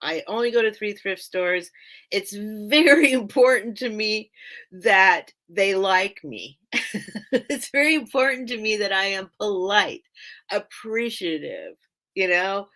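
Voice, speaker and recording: A woman's voice: medium pitch, animated, takes it slowly, sharp tone. Chatty, rambling woman hosting a live sale. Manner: rambling, chatty, laughs often, loses train of thought. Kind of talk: casual live-stream chat.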